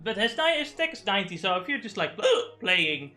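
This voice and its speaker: High, bright-voiced young male streamer. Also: a little fast, soft background music. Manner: rambling, profane, excitable. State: hiccuping. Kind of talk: live gaming stream chat.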